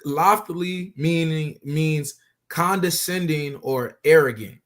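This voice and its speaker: A man teaching scripture in loose street talk, pressing each point with emphasis and repeated phrases. His voice is high for a man. He keeps it conversational, speaking to a partner. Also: slow. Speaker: religious teacher.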